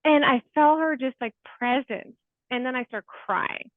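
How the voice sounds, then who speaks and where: A woman in her forties, a therapist guest in a casual interview, talking in a chatty, heartfelt way with many fillers and soft laughs. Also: sits high, unhurried, dry recording. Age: 40s. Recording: tinny phone-like call audio.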